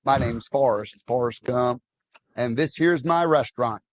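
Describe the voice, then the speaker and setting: A man doing an earnest, slow-talking Southern simpleton. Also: medium pitch, dry recording, natural voice. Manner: slow, plain drawl.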